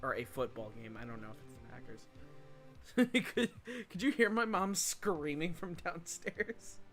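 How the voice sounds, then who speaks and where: A man's voice: on the high side, animated, measured pace, fairly bright tone, soft background music. A man co-host chatting casually, giggling and rambling with a lot of swearing. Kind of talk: casual chat.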